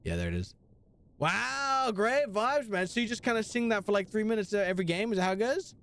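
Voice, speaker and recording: Young male streamer, animated and chatty, high voice with very lively swings. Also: brisk. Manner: animated, chatty, replies to chat with slang. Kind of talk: casual live gaming stream.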